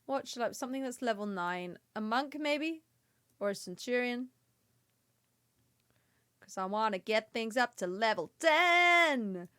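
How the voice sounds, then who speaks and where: A woman's voice: fairly high pitch, animated, unhurried, long pauses, pushed and bright, no echo. A young British woman chatting playfully through a game livestream, often giggling. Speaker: streamer. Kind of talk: casual game livestream chat.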